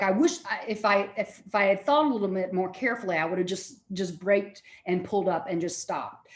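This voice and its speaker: Woman, lecturer, animated storytelling, repeats words, echoey room. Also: mid-range voice. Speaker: lecturer and therapist. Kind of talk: recorded lecture.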